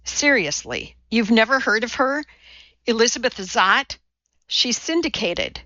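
A woman reading the part of a brisk, impatient female former coworker. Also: a little high, very animated, bright, forceful tone, no echo, lo-fi sound, full character voice.

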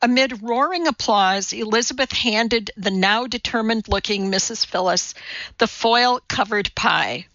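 A woman narrates an audiobook with a measured, expressive delivery. Her voice is bright and crisp, and her pace is slow. The recording is dry and a little dull. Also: on the high side, no echo. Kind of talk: scripted narration.

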